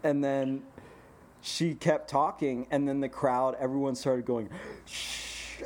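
A man co-hosting a podcast, telling an animated story in casual chat, laughing often and swearing freely. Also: mid-range voice, takes it slowly. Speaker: podcast co-host.

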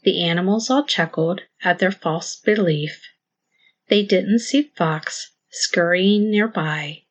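A woman hosting and narrating a rhyming children's story in a measured, sing-song delivery. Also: lowish voice, dry recording. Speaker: storyteller host. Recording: dull lo-fi dry recording.

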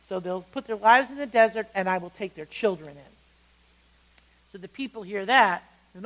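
Woman teaching a lively Bible lesson. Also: on the high side, normal speed, low-quality recording. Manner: animated storytelling, acting out quotes. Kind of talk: Bible lesson with story retelling.

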